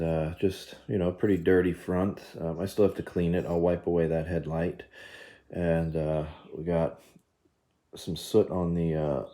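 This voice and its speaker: Hobbyist man, low warm voice, relaxed phone-filmed show-and-tell at home. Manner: relaxed, many fillers, talks while filming. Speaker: model train hobbyist showing his work. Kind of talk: casual show-and-tell narration. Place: home kitchen, indoors. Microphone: phone camera held while filming.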